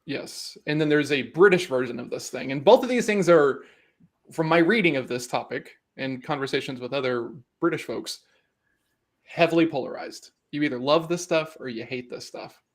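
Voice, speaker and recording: A man hosting a casual chat. He asks curious questions in a relaxed, rambling way, full of fillers. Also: on the high side, moderate pace. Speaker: host.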